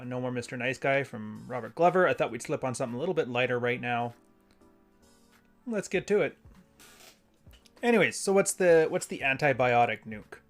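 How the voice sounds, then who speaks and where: A man in the middle of his usual pitch hosts a casual stream, talking things through in a loose, conversational way. He often restarts his sentences and reads longer passages aloud. Faint music plays softly behind him. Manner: rambling, conversational, self-correcting. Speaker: host. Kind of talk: casual live-stream commentary and reading.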